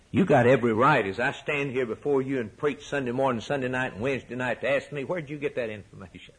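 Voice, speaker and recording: A male preacher delivering a sermon with rhetorical repetition, rising to soaring emphatic peaks and dropping to hushed low lines. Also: fast, few pauses, slightly rough, rough recording.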